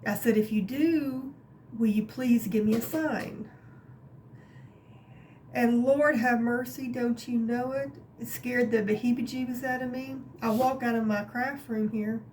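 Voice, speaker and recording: A woman vlogger telling a personal story in a chatty, animated way, with many fillers and some laughter, from her craft room at home. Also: a little high, slight background noise. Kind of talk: casual storytelling to camera.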